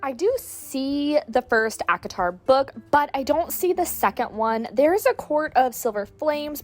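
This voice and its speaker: A woman's voice: sits high, unhurried, few pauses, soft background music. Chatty woman with a cold. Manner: chatty and upbeat, excited gasps. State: sick voice from a cold. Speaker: book vlogger. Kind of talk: casual vlog voiceover. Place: recorded at home after the shopping. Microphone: voiceover mic.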